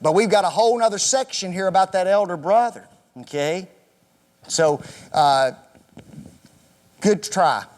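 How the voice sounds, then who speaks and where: A man's voice: high voice, unhurried, long pauses, darkish tone. A man teaching an interactive Bible class in a church classroom, quizzing the group with questions and joking with them. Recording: echoey hall reverb.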